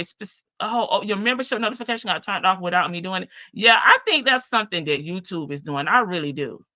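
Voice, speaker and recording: A Southern woman hosts a live stream in a relaxed, talkative way, drawling out her phrases as she answers viewers. Her voice is bright and clear, with a medium pitch for a woman. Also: highs cut off. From American South. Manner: chatty, animated, drawn-out Southern phrasing. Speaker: livestream host. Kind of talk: casual live-stream chat reading comments.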